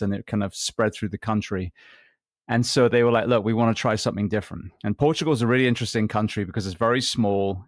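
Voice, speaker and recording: A man hosting a podcast interview, asking questions and telling a backstory in a thoughtful, measured way with frequent ums. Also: lowish voice, no echo, studio quality. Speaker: podcast host.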